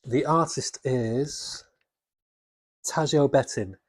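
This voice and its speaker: A man with a husky voice chatting casually and enthusiastically about comics, rambling with restarts. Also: mid-range voice, slow pace, no room sound. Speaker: comics vlogger. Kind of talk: casual chat.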